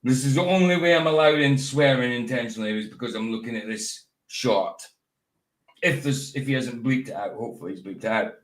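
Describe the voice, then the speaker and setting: A man's voice: mid-range voice, fairly quick. A Scottish man hosting a casual chat, rambling and often repeating himself. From Scotland. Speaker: host. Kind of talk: casual chat reacting to a video.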